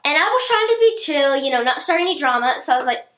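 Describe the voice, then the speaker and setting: Bubbly teen vlogger with a high voice, talking to camera in a reverberant room. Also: female voice, quick pace. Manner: chatty, animated, acts out quotes of others. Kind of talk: storytime vlog, casual chat. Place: indoor room, seated on a chair. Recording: echoey room.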